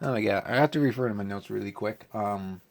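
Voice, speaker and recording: A man giving a casual vlog movie review, ranting with animated exasperation. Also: fairly low pitch, fast talker, vocal fry.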